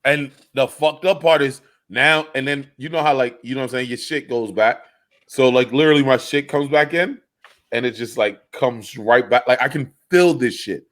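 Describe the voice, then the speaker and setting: A man's voice: mid-range voice, moderate pace, fairly bright tone. A man co-hosting a comedy podcast, telling a crude story in rambling, profane casual banter. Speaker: podcast co-host.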